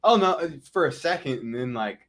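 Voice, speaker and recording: A man, a podcast guest, telling casual stories in a studio and acting out scenes with loud quoted lines. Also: mid-range voice, a little fast. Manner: animated, acts out scenes with shouted quotes. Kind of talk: casual storytelling.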